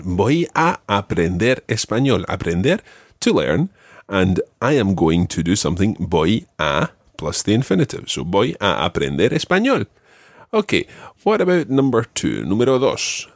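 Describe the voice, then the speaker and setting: Male language teacher with a gravelly, husky voice, very animated pitch and a dry close sound, patient and clear. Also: moderate pace, dry recording. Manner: patient, clear, repeats and models phrases. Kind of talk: guiding a student through a spoken quiz.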